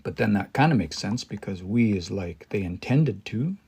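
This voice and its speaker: A man on a casual live stream studying a language as a learner. He thinks aloud, pauses, restarts and reads phrases slowly. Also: fairly low pitch, expressive, a little mellow, husky.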